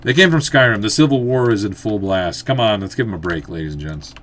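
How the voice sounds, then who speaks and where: A man's voice: lowish voice, fast. Chatty man narrating his gameplay. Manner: chatty, thinks aloud, excitable outbursts. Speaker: gameplay commentator. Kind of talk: let's play commentary.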